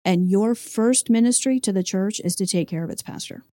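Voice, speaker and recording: A woman's voice: mid-range voice, moderate pace, mellow. A woman, a pastor's wife, sharing reflective, heartfelt answers in an interview.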